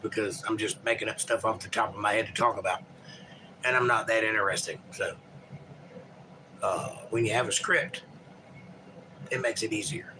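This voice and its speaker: A man's voice: lowish voice, normal speed, pauses often, noisy background. A man hosting a livestream, reading viewer chat aloud and chatting in a rambling, folksy, joking way.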